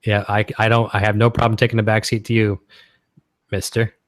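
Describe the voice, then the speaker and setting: Low-voiced rambling male livestream host. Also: completely flat delivery, a little fast, no echo, studio quality. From Canada. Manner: rambling, enthusiastic. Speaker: host of a guitar gear livestream. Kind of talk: casual livestream chat.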